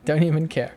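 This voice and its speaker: A young Australian man with a slightly high voice and dark tone runs a casual live coding stream as an app developer. He mutters to himself while working and chuckles now and then, with slight background noise.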